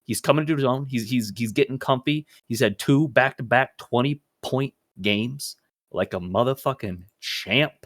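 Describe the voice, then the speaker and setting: A man's voice: medium pitch, normal speed, fairly bright tone, no echo, studio quality. A young man co-hosting a casual podcast, talking up his fantasy team in a boastful, profane, rambling way. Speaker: podcast co-host. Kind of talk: casual fantasy football banter.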